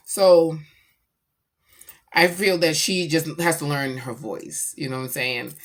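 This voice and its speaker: A middle-aged woman chatting casually about her daughter, animated and slangy as she tells stories. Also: sits low. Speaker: vlogger, mother. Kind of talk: casual chat.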